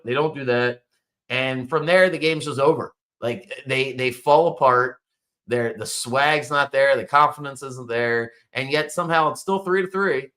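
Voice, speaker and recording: A man's voice: on the high side, a bit bright. Male sports talk host, exasperated fan ranting, casual with profanity. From Baltimore area. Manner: frustrated, exasperated, swears.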